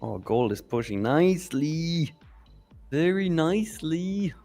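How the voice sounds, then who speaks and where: A man's voice: on the high side, big pitch swings, takes it slowly, warm tone, faint music behind. A man from India with an Indian accent, co-hosting a live trading stream, joking and calling out chart levels in casual chat. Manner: joking, calls out trade levels. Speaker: co-host of a live trading show.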